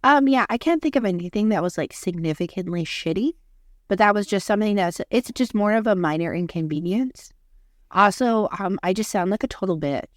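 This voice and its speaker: A young woman co-hosting a podcast in casual chat, talking in a flat monotone, hoarse after losing her voice. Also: medium pitch, fairly quick, no room sound, studio quality. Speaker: podcast co-host.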